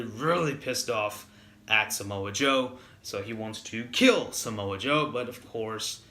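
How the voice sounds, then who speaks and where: A man's voice: medium pitch, sharp tone, reverberant. A man giving a casual spoken wrestling review, rambling with lots of fillers and restarts, getting heated when annoyed.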